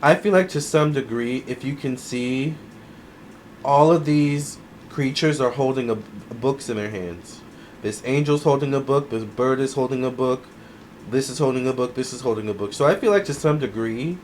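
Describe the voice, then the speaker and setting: A man doing a casual tarot reading to camera, musing aloud in an unhurried way with many fillers. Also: medium pitch, a little hiss or hum. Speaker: tarot reader.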